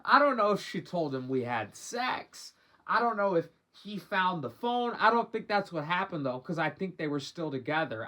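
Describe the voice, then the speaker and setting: A man's voice: high voice, bright, forceful tone. A young man telling a rambling, slang-heavy story from his own life in a casual storytime monologue, cursing freely as he goes. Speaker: vlogger.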